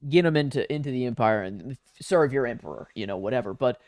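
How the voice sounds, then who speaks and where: A man's voice: mid-range voice, lively intonation, fast talker, darkish tone, no echo, studio quality. A man co-hosting a casual podcast, loose and questioning, swearing freely. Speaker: podcast co-host.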